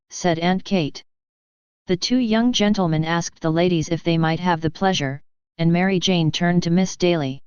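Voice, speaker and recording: A woman reads an audiobook in a measured, steady narration. Her voice is low, with very crisp articulation. The recording is dry and a little muffled. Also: dry recording. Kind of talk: scripted narration.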